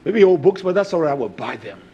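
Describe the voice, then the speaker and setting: A man preaching a sermon, emphatic, swinging between low asides and loud raised emphasis. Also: big pitch swings, fast talker, husky, lo-fi sound.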